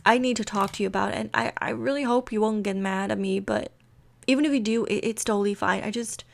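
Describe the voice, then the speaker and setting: A woman voicing a nervous, evasive young woman who stammers and rushes her words. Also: steady tone, creaky, natural voice. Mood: anxious. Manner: stammering, rushed, high-pitched.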